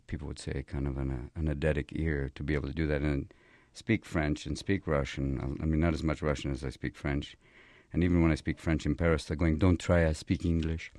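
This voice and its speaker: A man being interviewed in a radio studio, firing off rapid jokes and slipping into funny voices. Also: extremely low pitch, a little mellow, dry recording. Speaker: guest comedian.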